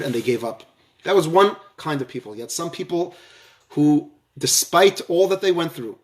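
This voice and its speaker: A man giving a storytelling lecture on a religious theme, halting often and repeating words as he goes. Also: on the high side.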